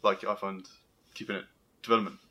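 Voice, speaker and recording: Low-voiced young man, offhand remarks. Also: flat delivery, fast talker, sharp tone. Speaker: podcast co-host. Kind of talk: casual chat.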